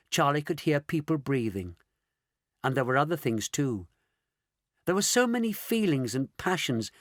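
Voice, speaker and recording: Male audiobook narrator, high and very animated, close and dry. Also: no echo. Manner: animated, lively delivery. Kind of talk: expressive storybook narration.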